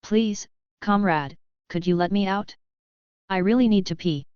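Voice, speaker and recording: A woman voicing a female talking space dog in a storybook reading, slow and pleading. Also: medium pitch, darkish tone, clean tone, no room sound, close to an everyday voice. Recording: dull, lo-fi dry recording.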